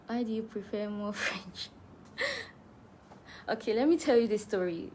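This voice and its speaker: A woman's voice: mid-range voice, a little slow, a little mellow, slight background noise. A woman with a Cameroonian accent, a musician chatting casually through fan questions, laughing easily and restarting her sentences. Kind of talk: casual live Q&A chat.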